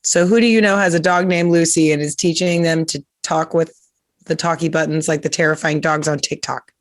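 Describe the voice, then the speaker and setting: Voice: mid-range voice, steady tone, brisk, no room sound. A comedian hosting a casual interview, rambling and joking with many fillers and restarts. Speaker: comedian host. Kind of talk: casual live-stream interview chat.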